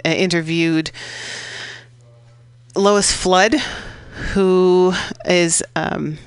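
A woman's voice: low voice, clear, resonant tone, no echo. A woman hosting a community radio show, recapping past guests in a chatty, rambling way with lots of fillers. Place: radio studio.

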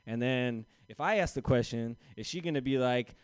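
A man's voice: medium pitch, unhurried, smooth, no room sound. A young man doing a stand-up set, telling a self-deprecating story loosely and putting on voices for the people in it. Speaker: stand-up comedian. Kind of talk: stand-up set at an open mic.

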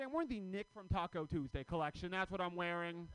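Animated stand-up man in his thirties. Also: high voice, fast, clear, resonant tone, no room sound, poor audio. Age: 30s. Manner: loud, animated storytelling with shouted acted-out quotes. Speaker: stand-up comedian. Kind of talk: stand-up set.

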